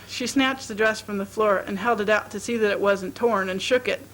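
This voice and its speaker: A woman reading a short story aloud in a steady, expressive storytelling manner. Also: mid-range voice, moderate pace, hardly any pauses, rough recording. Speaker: reader.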